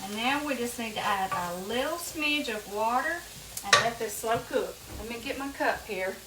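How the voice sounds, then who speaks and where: A woman's voice: fairly high pitch, lively intonation, moderate pace, very noisy. A woman hosting a casual home cooking demonstration, chatting to viewers as y'all. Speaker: home cooking show host. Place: home kitchen. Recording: echoey kitchen, mic from a distance. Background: sizzling and frying on the stove.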